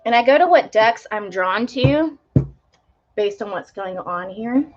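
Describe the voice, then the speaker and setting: A young woman with a fairly high voice runs a live tarot reading, chatting loosely and filling her talk with "like". Her sound is dull and lo-fi, as from a home live stream. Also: animated, measured pace, a little hiss or hum. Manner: chatty, many fillers, spiritual talk. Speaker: tarot reader.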